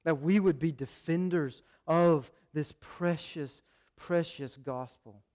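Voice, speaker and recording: A man preaching a sermon as pastor, urgent and animated, acting out little quotes. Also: on the high side, slow pace.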